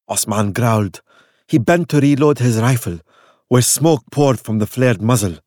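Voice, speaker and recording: A man narrating a dark story in a measured, dramatic audiobook style. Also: mid-range voice, animated, dry recording, clean studio sound.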